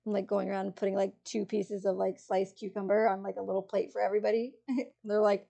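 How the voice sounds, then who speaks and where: A woman streamer chats with her live viewers in a gravelly, mellow voice. She rambles and giggles, trailing off and restarting her sentences. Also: medium pitch, little pitch movement, fast talker. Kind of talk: casual chat with live chat.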